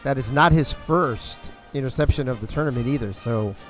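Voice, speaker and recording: A man's voice: medium pitch, normal speed, faint music behind. A young man calling a football video game live on a stream, loose and profane, talking to his chat between plays.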